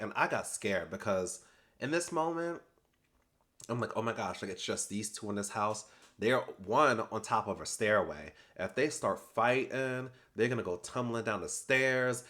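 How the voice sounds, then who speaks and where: Sassy, animated man recapping reality TV. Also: mid-range voice. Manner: animated and sassy, quotes people with slangy asides. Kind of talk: casual recap commentary.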